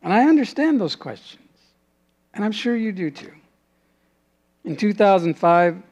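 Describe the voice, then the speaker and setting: A man preaching a sermon, earnest, dropping to a hushed voice in prayerful moments. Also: sits high, sing-song, measured pace, lo-fi sound. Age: adult, father has passed away. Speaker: pastor.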